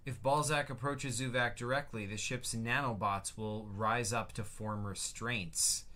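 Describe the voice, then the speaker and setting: A man's voice: medium pitch, fairly even intonation, measured pace, hardly any pauses, bright, forceful tone, slight background noise. A man casually talking through his own game on a livestream, reading out his notes and answering chat, with many fillers. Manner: rambling, lots of fillers, reads chat aloud. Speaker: streamer showing his game.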